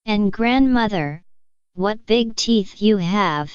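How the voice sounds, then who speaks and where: A woman plays a polite, innocent little girl from a fairy tale, sweet and wide-eyed. She speaks slowly in a very clean, smooth voice. The recording sounds slightly dull. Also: mid-range voice, animated, no echo.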